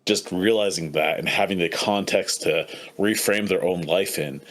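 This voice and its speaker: A man from the United States co-hosting a podcast over a remote call, talking in a reflective, halting way with many fillers and easy laughs. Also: deep voice, fairly bright tone. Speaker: podcast host. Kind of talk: casual chat.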